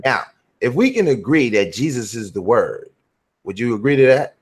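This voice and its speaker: A man hosting a casual talk, slowly explaining his view and reading scripture aloud with deliberate emphasis. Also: mid-range voice, sing-song, breathy edge. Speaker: host. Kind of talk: casual religious discussion.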